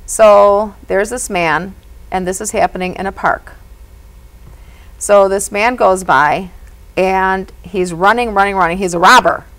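Female medium guest with a fry in her voice, earnest and lively in conversation. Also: mid-range voice, measured pace, low-quality recording. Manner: animated and earnest, often says "you know". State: emotional at moments. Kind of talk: storytelling in a conversation.

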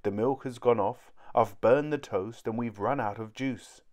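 A man's voice: mid-range voice, a little slow, natural voice. A man reading a storybook aloud, voicing a father who organises the family. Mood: fatherly. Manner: bright, apologetic. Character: cheerful fussing father.

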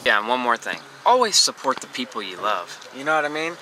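A man's voice: medium pitch, sing-song, a little fast, distant mic. Rambling man vlogging from his car. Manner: rambling, earnest, restarts often. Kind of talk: casual motivational rant. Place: in a car and outdoors. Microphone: handheld camera. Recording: noisy car and street background.

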